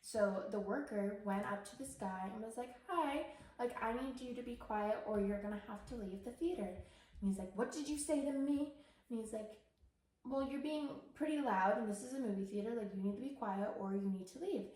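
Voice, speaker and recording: A woman's voice: mid-range voice, brisk. A young woman from Canada, co-hosting a podcast and telling a story in a casual, rambling way with lots of fillers. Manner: rambling, many fillers, animated retelling. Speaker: podcast co-host. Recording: very echoey room.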